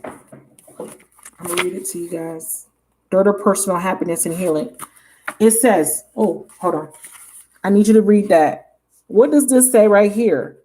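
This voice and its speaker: A woman reads tarot cards for her viewers in a loose, excited way, cursing often and leaning hard on her words. She talks straight to her audience with a mid-range voice. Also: mid-range voice. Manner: excitable, emphatic, swears freely, addresses viewers directly. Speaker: tarot reader. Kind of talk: casual tarot reading to camera.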